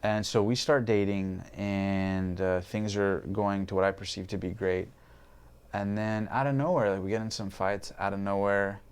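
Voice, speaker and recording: A man's voice: lowish voice, fairly even intonation, moderate pace, clear, resonant tone. A man in his twenties, a podcast guest, telling his personal story candidly, swearing freely and acting out his past thoughts. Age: 20s.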